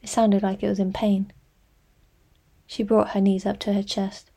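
A woman reading a novel aloud in measured, scripted narration. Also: mid-range voice, flat delivery, gravelly, dark tone. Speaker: audiobook narrator.

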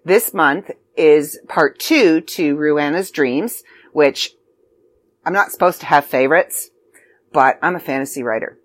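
An unhurried, low-sitting voice belongs to a middle-aged Canadian woman, a magazine editor promoting a writing contest. Her casual video announcement is chatty and laced with self-deprecating asides.

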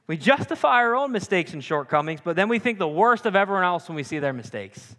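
A young man preaching a sermon with animated, joking asides. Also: high voice, fast. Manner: animated, jokey asides and acted-out quotes. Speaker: pastor. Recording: long hall reverb.

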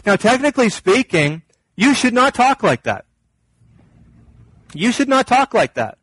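Man preaching, kinda high voice, gets louder and higher making his point, dry sound. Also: very animated, takes it slowly, dry recording, low-quality recording. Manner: earnest preaching, rises in pitch and volume when stressing a point. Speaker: pastor. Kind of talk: sermon.

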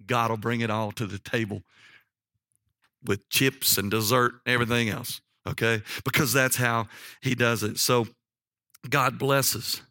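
A middle-aged man preaching a sermon, telling personal stories in a folksy, animated way and often checking in with "okay?". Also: mid-range voice, measured pace, no echo, clean studio sound.

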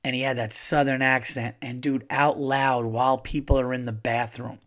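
A man's voice: medium pitch, level tone, normal speed, hardly any pauses, fairly bright tone. A man in the middle of his range talks freely, as if chatting with friends. His stories wander, full of "like" and "you know," with swearing dropped in casually. He restarts sentences often and keeps an easy conversational flow. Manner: loose, profane, rambling with many fillers and restarts. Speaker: podcast host. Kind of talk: casual storytelling monologue.

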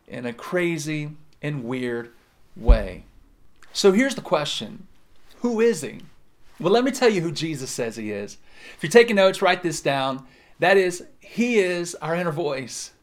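A man preaching a sermon, moving from loud emphatic lines to soft, slowed-down words as he speaks straight to his listeners. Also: sits high. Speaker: pastor.

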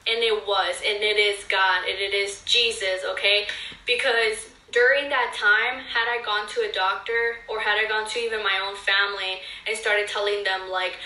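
A woman's voice: mid-range voice, fairly even intonation, normal speed, sharp tone, distant mic. A young woman earnestly telling a personal story to her viewers in a casual, filler-heavy way. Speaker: vlogger. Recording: echoey room, voice a bit off-mic.

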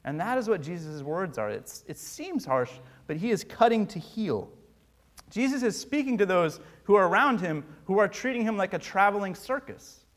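A man preaching a sermon, his clear in every line. His voice sits a bit higher than most men's. He pleads earnestly and slips in dry humor. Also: very animated, moderate pace, fairly bright tone. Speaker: pastor.

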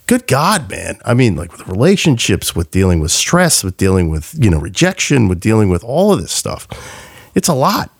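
A man's voice: on the low side, big pitch swings, normal speed, gravelly, breathy edge, no room sound. A man guesting as a cinematographer on a podcast in a studio, talking in an earnest, agreeable way and laughing often. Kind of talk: casual podcast conversation.

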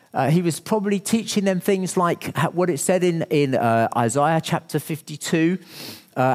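A man preaching a sermon as pastor, animated, asking the congregation rhetorical questions and acting out little scenes. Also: mid-range voice, in a large hall.

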